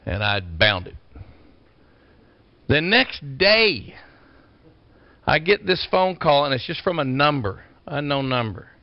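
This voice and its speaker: A man preaching a folksy storytelling sermon, swinging from loud bursts to quiet asides. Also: on the high side, very animated, takes it slowly, pauses often, dry recording. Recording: dull lo-fi sound.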